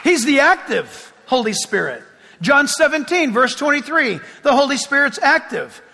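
A man, a pastor, preaching a sermon in a church, talking in a lively, conversational way with asides. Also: extremely high pitch, normal speed, vocal fry, a faint crowd, a little hiss or hum. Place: church sanctuary before a congregation. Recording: long reverb of a large hall.

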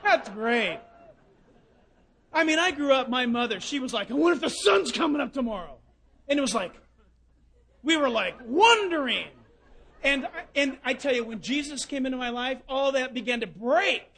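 A man preaching a sermon, telling folksy stories and swinging between loud bursts and hushed asides. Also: extremely high pitch, lively intonation, moderate pace.

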